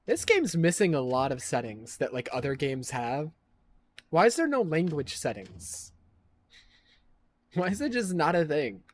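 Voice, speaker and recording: A man's voice: a little high, sing-song, unhurried, pauses often. A man streaming a game live, thinking aloud in a sarcastic, profane, casual way. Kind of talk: casual live gameplay commentary.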